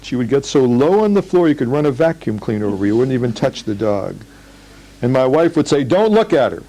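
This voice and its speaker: Older man, lecture, storytelling, mellow, dark tone. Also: medium pitch, animated, brisk, poor audio. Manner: storytelling, acts out quoted lines. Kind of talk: live lecture with anecdotes. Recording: old 1980s lecture tape.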